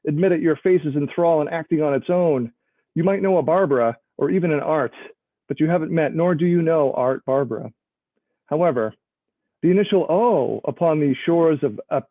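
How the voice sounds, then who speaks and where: A man's voice: on the high side, dry recording. A man reading a memoir-style opening from his novel in progress, with self-deprecating asides and laughs between passages, over a video call. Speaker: author reading his work. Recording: tinny phone-like line, dry.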